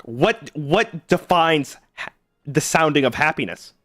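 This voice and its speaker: A man's voice: on the high side, lively intonation, a little slow, fairly bright tone, dry recording, studio quality. A man streaming live, chatting casually with viewers in a sarcastic, argumentative way.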